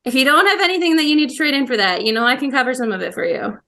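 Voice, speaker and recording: A woman playing a tabletop game, chatting casually and quick to offer help. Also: high-pitched, pushed and bright. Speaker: player.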